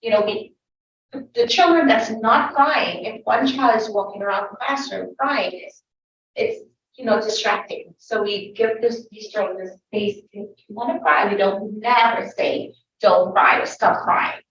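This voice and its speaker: A woman's voice: medium pitch, normal speed, fairly bright tone. A woman toddler teacher on a panel, giving firm, direct advice and repeating her points. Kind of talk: panel discussion answers. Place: school event room. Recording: echoey room from far off, dull lo-fi, faint hiss.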